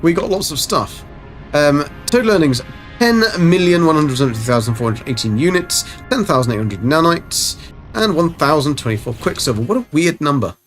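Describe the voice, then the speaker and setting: A man chatting casually and rambling through a live game stream. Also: fairly high pitch. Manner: chatty, rambling, self-mocking.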